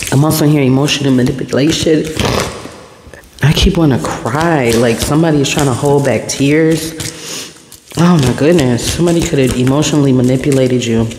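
A man reads tarot to camera in a loose, wandering way, circling back to the same phrases. His mid-pitched voice rings around a reverberant room with a long echo tail. Steady background noise sits clearly under his voice. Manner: repetitive, meandering, speaking messages as they come. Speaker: tarot reader. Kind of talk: intuitive tarot reading to camera.

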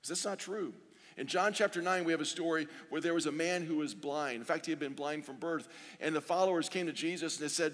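A man preaching a sermon as pastor, earnest, slowing down to read scripture and repeating pleading phrases. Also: fairly high pitch, lively intonation, fairly bright tone. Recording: long reverb of a large hall.

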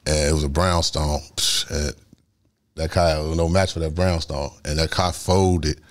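A man's voice: extremely low pitch, level tone, moderate pace. A man, a guest telling a long story in street slang and acting out sounds as he goes. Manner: street slang, rambling retelling with sound effects. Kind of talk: storytelling interview.

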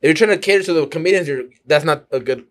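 Podcast co-host, male, fairly high voice, slangy, rambling questions. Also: racing, fairly bright tone. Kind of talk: casual chat.

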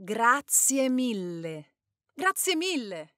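Very slow, carefully enunciating woman. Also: on the high side, sing-song, a bit bright, no room sound, studio quality. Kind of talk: slow model phrases for repetition.

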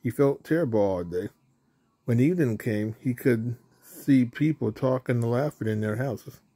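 A man reading a children's storybook aloud in a plain, unhurried way with small slips. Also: mid-range voice, mellow, husky, no echo. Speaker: storybook reader.

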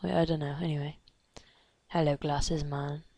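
A woman giving let's play commentary, excitable and gasping, chattering at game characters and dropping into hushed whispers. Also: low-pitched, normal speed, dry recording. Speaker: gamer.

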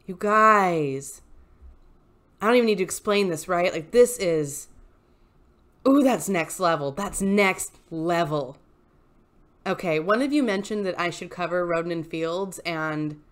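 A woman hosting a casual commentary vlog, reading posts aloud and reacting with animated, exasperated ranting. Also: on the low side, unhurried. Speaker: YouTube host reading posts.

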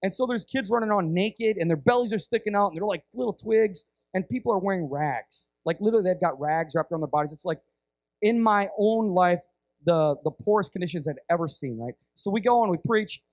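A middle-aged man from the United States preaching a sermon, telling a story in an animated, rambling way that often breaks off and restarts. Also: high-pitched, a little fast, no echo. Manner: animated, rambling, self-interrupting. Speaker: guest preacher.

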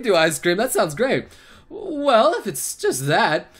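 A man giving excitable let's play commentary, laughing and swearing through his reactions. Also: high voice, slow. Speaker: gaming channel host.

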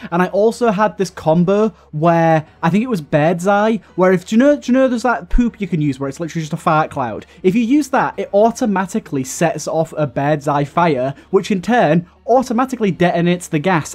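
A young man with a fairly high voice delivers loose, rambling gameplay commentary. He sounds exasperated, full of fillers and restarts as he talks through his run. Faint game music plays behind him. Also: a little mellow. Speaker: gaming YouTuber. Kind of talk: casual let's-play commentary.

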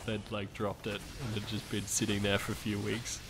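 A man's voice: lowish voice, monotone, moderate pace, background noise. A man chatting casually on a game stream, laid-back, chuckling often and swearing casually. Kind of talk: casual gaming stream chat.

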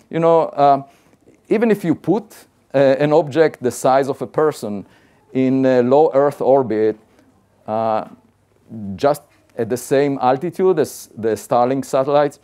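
A man's voice: mid-range voice, warm tone. A man, an astrophysicist, giving a conversational public science talk and building his arguments point by point in a plain-spoken, insistent way.

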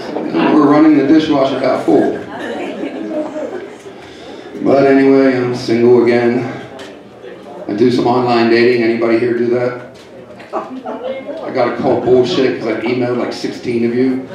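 A middle-aged man doing a stand-up comedy set, deadpan and teasing the crowd. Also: medium pitch, normal speed, long pauses, muffled recording. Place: comedy club in a hotel. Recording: echoey club from far off. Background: audience laughing.

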